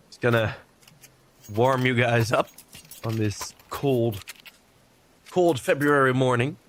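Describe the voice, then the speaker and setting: Chatty man casting a shooter match. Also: mid-range voice. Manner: animated, chatty, drifts into tangents. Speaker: esports caster. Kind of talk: play-by-play game commentary. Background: faint game gunfire.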